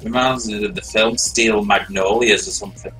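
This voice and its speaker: A man tells a long story in a loose, rambling way, often repeating words. His voice is bright and forceful, and faint music plays behind him. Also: lowish voice, fairly even intonation, moderate pace, poor audio. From Britain. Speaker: stream host. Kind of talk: casual storytelling chat. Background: faint background music.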